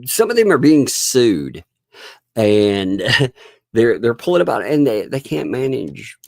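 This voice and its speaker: A man hosting a casual livestream, laughing often and mocking people with quick impressions. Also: mid-range voice, sing-song, creaky, a little mellow, no echo, studio quality. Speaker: livestream host. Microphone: desk microphone.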